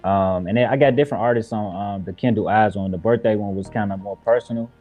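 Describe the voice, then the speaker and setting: A man's voice: fairly low pitch, fast talker, narrow, tinny audio, faint music behind. A man from Chicago, a guest rapper, answering interview questions in an earnest, reflective way with many fillers. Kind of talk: casual interview talk.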